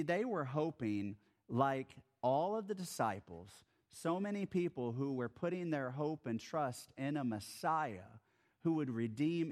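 A man's voice: medium pitch, darkish tone. A man preaching a sermon as a pastor, telling the story in a casual, conversational way and acting out the scenes.

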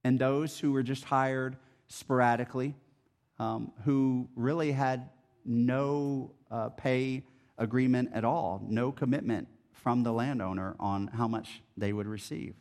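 This sermon is delivered by a pastor whose mid-range voice keeps a measured pace. He goes through the Bible text verse by verse, sounding conversational and lively.

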